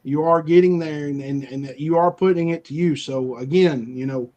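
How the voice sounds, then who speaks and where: High-voiced man taunting like a wrestler. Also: normal speed, darkish tone, dull audio. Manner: boastful, taunting, stumbles over words when fired up. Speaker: league champion cutting a promo on a stream show. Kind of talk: trash-talking wrestling-style promo.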